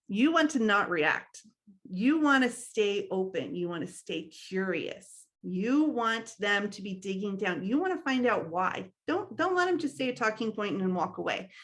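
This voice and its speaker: A woman's voice: medium pitch, a bit bright. A young adult woman leading a training workshop, talking in a conversational way with frequent fillers and small laughs. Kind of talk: instructional talk.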